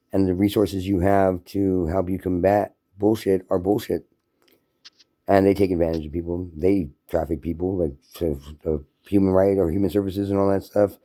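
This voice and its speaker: A man's voice: deep voice, dark tone. A man delivering a profane, emphatic, run-on rant to camera. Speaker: vlogger. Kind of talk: casual ranting monologue.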